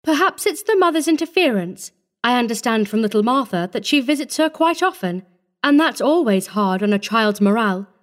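A woman voicing a kindly, genteel woman visitor in an audiobook reading, speaking softly and sympathetically. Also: fairly high pitch, lively intonation, normal speed, voice pushed up, natural voice. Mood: gentle. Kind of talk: audiobook character voice.

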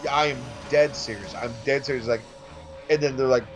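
A middle-aged man in casual chat, animated and swearing freely, often mimicking others. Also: mid-range voice, a little fast, music in the background.

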